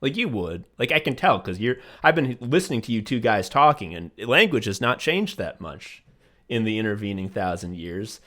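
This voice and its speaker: A podcast co-host with a lowish voice rants and swears through a casual comedy show, very animated at a normal speed and sharp in tone. He slips into mock voices and laughs often as he talks.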